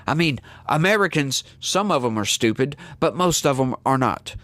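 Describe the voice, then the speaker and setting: A man's voice: medium pitch, animated, normal speed, fairly bright tone, no echo. A man hosting a solo political commentary show, ranting in a heated, emphatic way.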